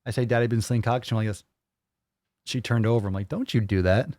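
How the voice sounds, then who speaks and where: Talking at a quick, steady clip in a darkish mid-range voice, a fitness podcast host runs a live Q&A. He reads viewer comments, cracks crude jokes, and mocks others' voices. The studio microphone gives clean sound with no room noise.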